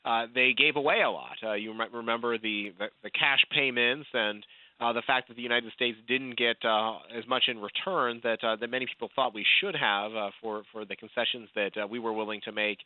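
A man giving commentary as a guest in a radio interview, speaking haltingly with many fillers. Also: mid-range voice, fairly even intonation, no room sound. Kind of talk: phone-in interview. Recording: tinny phone line.

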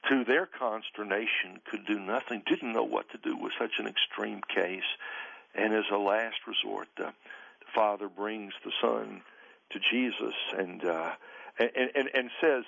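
A male pastor and author, a guest on a radio show, speaking earnestly with emphatic, drawn-out stresses. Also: fairly low pitch, gravelly, sharp tone, lo-fi sound. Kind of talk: radio interview, preaching tone.

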